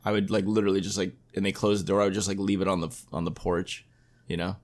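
A man's voice: deep voice, level tone, fast talker. A young man hosting a casual podcast, talking with his mother in a laid-back, joking way. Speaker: podcast host. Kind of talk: casual family chat podcast.

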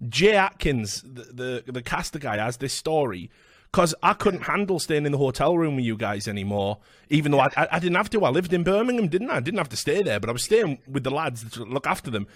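A man's voice: fairly high pitch, big pitch swings, no echo, studio quality. A man hosting a podcast, telling sweary stories and acting out what people said. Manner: fast sweary anecdotes, acts out quotes. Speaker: podcast host. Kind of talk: casual storytelling chat.

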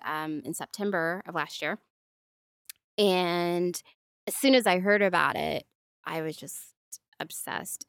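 A woman's voice: on the low side, a bit bright, dry recording, studio quality. A young woman in her twenties, casually telling a true crime story in an easygoing, hesitant way.

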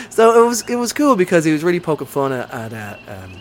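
A man's voice: on the high side, sing-song, fast, slight background noise. A man hosting a casual movie chat, enthusiastic and rambling with lots of fillers.

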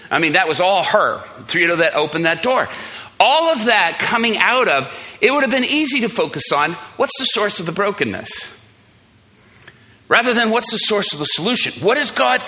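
A man preaching to a congregation, telling a story and acting out the people in it with animated voices. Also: a little high. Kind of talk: storytelling sermon.

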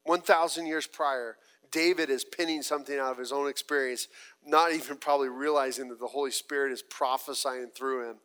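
A man preaching a sermon earnestly, often restarting and apologizing when he loses his place, rising loud, then dropping very soft. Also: mid-range voice, steady tone, a little fast, smooth. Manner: voice rises loud when mocking, drops very soft when reflecting. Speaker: pastor.

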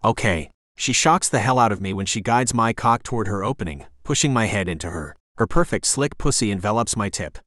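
A man narrating a romance audiobook in the first person, voicing the dialogue of both leads in a lively way. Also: on the low side, fairly quick, few pauses, no echo, clean studio sound.

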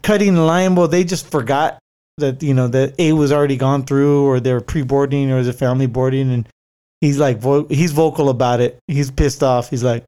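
A man's voice: a little high, steady tone, brisk, darkish tone, clean tone. A man casually telling a rambling travel story, swearing freely, with lots of fillers and restarts, and laughing easily. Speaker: traveler recounting a work trip.

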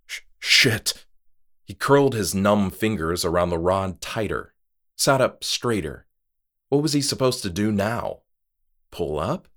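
A man reads a horror short story aloud with a very deep voice. His delivery is somber and measured, and he keeps an unhurried, slow pace. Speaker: narrator.

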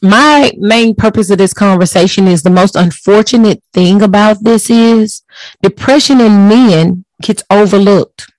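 This host is also a woman on a casual podcast, with a medium-pitched, darkish voice and an unhurried pace. She presses her points with earnest emphasis and repeated words, captured close to the mic with no room sound in a rough recording.

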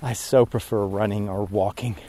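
A priest podcaster recording a casual vlog outdoors while walking, a bit out of breath, talking in a rambling, easily distracted way. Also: male voice, fairly low pitch, fairly even intonation, normal speed, mellow. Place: outdoors on a walk at sunset.

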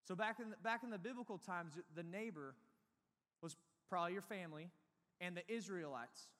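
A young man preaching, high-pitched and full of animated, excitable energy as he tells a story. His voice rings out with a long reverb, as in a large hall. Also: fairly quick. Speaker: youth pastor. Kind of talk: sermon with a personal story.

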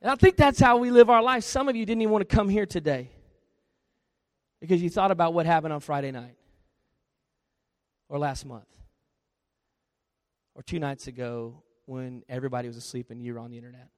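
A man preaching a sermon as pastor, swinging between quiet confession and loud storytelling. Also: a little high, steady tone, brisk, pauses often, dry recording, clean studio sound.

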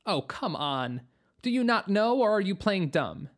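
A narrator voicing a guarded young female witch who speaks softly and pointedly. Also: mid-range voice, very animated, measured pace, pitched above the performer's own voice.

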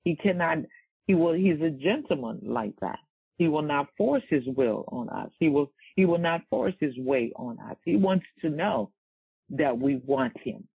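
A man preaches a sermon in call-and-response style, repeating his phrases and drawing answers from the congregation. His voice is gravelly and a bit husky. It comes through a thin, phone-like recording. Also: fairly high pitch, expressive, a little slow. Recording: tinny, phone-like sound.

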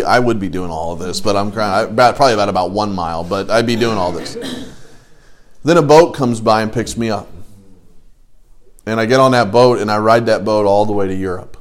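A man teaching an adult Bible study, lively and animated, often acting out quoted voices. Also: fairly quick. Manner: animated, acts out quoted voices with rising pitch.

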